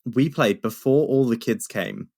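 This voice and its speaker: A man's voice: mid-range voice, measured pace, a little mellow, no room sound, studio quality. A young man co-hosting a podcast, telling stories in a rambling way with many restarts. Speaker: podcast co-host. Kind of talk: casual chat.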